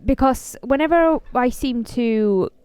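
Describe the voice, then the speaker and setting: A woman's voice: fairly high pitch, animated, slow, darkish tone, clear, resonant tone, dry recording. A woman with a Yorkshire accent playing a video game and chatting casually, laughing and poking fun at herself. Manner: laughing, self-deprecating. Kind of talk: casual gaming commentary.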